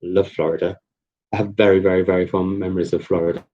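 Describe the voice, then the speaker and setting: A man's voice: sits low, flat delivery, quick pace, dark tone, slight background noise. Rambling man on a lo-fi live stream. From England. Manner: rambling, chatty, many ums and restarts. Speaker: book vlogger hosting a live chat. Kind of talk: casual live-stream chat. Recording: dull lo-fi live-stream audio.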